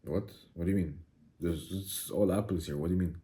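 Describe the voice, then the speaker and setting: A man's voice: sits low, a little fast, warm tone, pitched below the performer's own voice, lightly acted. A man voicing his baffled young male friend, who keeps asking puzzled questions.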